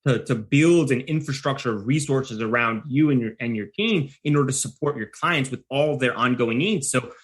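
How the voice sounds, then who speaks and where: A man at a middle pitch hosts a podcast interview. He frames his questions at length, with eager, rambling build-ups before he gets to the point. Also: moderate pace, hardly any pauses. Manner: enthusiastic, long rambling questions. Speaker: podcast host.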